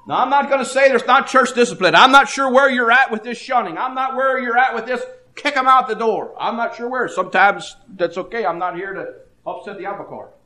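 An older man preaching a sermon, dropping to a hush and then rising loud, often stammering into repeats. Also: extremely high pitch, echoey room. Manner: swings between hushed and loud, halting repeats.

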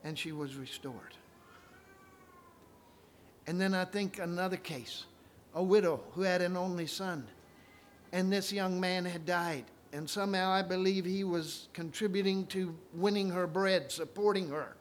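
A man preaching a sermon, retelling scripture stories and swinging from quiet asides to loud, ringing proclamations. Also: high voice, a little slow, a little hiss or hum.

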